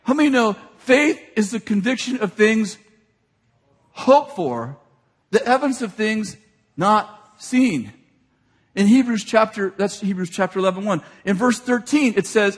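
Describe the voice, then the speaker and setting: A man preaching a sermon. He retells scripture in everyday speech and builds to shouted, excited appeals. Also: sits high, normal speed. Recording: long hall reverb.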